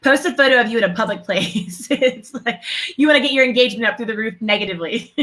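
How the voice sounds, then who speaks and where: Gushing, bright-voiced woman host. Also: on the high side. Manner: effusive, gushing, quick to laugh. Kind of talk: casual live-stream interview.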